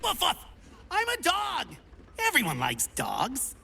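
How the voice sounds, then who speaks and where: A woman's voice: sits high, huge pitch swings, slow pace, gravelly, pushed and bright, slight background noise, exaggerated voice. A woman voicing a bubbly, silly young adventurer in a video game who keeps trying out new classes and talks in a playful, theatrical, teasing way.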